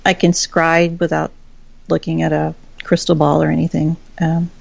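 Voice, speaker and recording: A woman's voice: low-pitched, completely flat delivery, normal speed, vocal fry, dry recording. A woman from Texas, a guest in a casual chat, telling stories with lots of laughs and acted-out quotes. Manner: chatty storyteller, laughs often, acts out quoted voices. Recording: dull lo-fi call audio.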